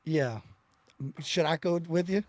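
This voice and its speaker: High-voiced host, dry and close. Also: male voice, takes it slowly, no room sound. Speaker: streamer, show host. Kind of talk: casual reaction chat.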